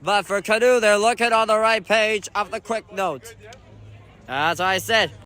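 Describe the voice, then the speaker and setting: A man giving live play-by-play commentary at an amateur indoor soccer match, excitable, with frequent shouted calls and exclamations. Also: high-pitched, a little slow.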